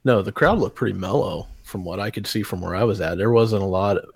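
A man's voice: on the low side, quick pace, gravelly, breathy edge, no echo. A man co-hosting a podcast, chatting casually and easygoing about a concert crowd. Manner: relaxed, easygoing reply. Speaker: podcast co-host. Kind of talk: casual chat.

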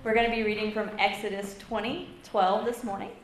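A woman's voice: mid-range voice, steady tone, brisk, over music. Woman praying in an echoey church. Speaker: scripture reader and prayer leader. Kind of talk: scripture reading and prayer.

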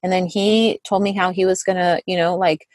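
A woman's voice: fairly low pitch, fairly even intonation, moderate pace, darkish tone, no echo. A woman in her thirties, a therapist and mother, telling a story in a casual interview, chatty and full of "like" fillers. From Southern California. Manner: chatty, many "like" fillers, acts out quotes. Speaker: guest therapist and parent.

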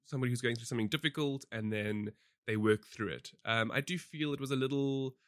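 A talkative man co-hosting a podcast, giving his take on films and shows in loose, animated chat. His pitch sits mid-range for a man, and the recording is close and dry with no room sound around him. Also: brisk, no room sound. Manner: animated and talkative, with many fillers and restarts. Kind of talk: casual review chat.

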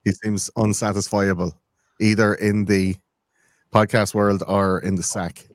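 Podcast guest, man, lowish voice, rambling sarcastic banter, dry close sound. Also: level tone, unhurried, no echo. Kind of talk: crude casual banter.

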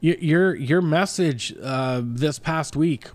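A man's voice: a little high, slow pace, no room sound. A man in his thirties, a pastor, talking earnestly in a casual chat, rambling with many restarts.

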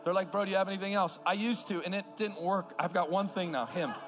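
Impassioned high-voiced male preacher. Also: fast talker, over music. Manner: impassioned preaching, swings from loud to hushed. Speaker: guest preacher. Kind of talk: sermon. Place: large church hall.

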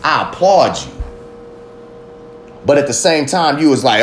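A man's voice: mid-range voice, expressive, normal speed, slight background noise. A man hosting a podcast, delivering a heated, profane, preachy monologue and firing pointed questions at his listeners. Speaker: podcast host.

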